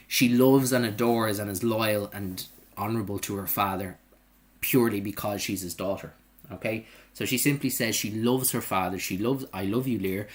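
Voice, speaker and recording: Man, teacher, live online lesson, chatty, lowish voice. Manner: lively, conversational, keeps checking in with "okay?". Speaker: English teacher.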